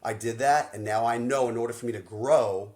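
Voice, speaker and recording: Man, life coach, podcast host, animated storytelling, slangy, mid-pitched voice. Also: a little fast. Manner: energetic, slangy, acts out quoted dialogue.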